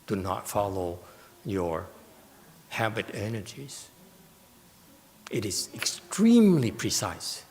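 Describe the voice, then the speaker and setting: Slow, gravelly male Buddhist teacher lecturing in a reverberant hall; deliberate, emphatic delivery. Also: lowish voice, very animated, darkish tone. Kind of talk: Dharma lecture with questions. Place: meditation hall.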